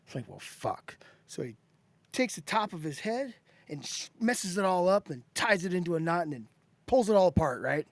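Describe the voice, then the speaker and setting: A man telling jokes in a casual group chat, lively and jokey. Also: sits high, fairly quick, no echo. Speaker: podcast co-host.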